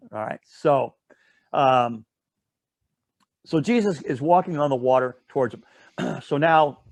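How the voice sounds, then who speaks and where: A man's voice: a little high, no echo. A man leading a casual Bible study. He retells a story in a rambling way, with asides and self-corrections, and often checks in with "all right?".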